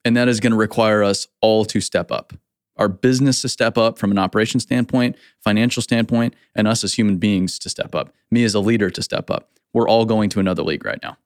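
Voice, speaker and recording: A man's voice: lowish voice, fairly even intonation, fairly quick, no room sound, studio quality. A man hosting a casual company podcast, speaking bluntly as a founder and repeating his points for emphasis.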